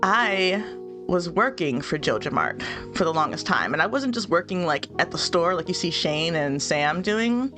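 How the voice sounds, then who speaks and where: A young woman with a stuffy nose hosts a let's play, chatting casually and giggling through her gameplay commentary. Her voice sits on the low side with a sing-song lilt at a normal speed. Faint game music plays in the background.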